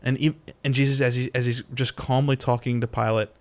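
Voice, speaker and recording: A man's voice: medium pitch, a little fast. Man retelling a Bible story casually. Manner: animated retelling, frequent fillers.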